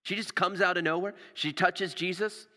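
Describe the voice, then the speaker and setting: A man preaching a sermon with passion, repeating words and dropping to a hush for emphasis, recorded in a church. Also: high-pitched, steady tone, normal speed. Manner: impassioned, repeats words, drops to hushed emphasis. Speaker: pastor. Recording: long reverb of a large hall.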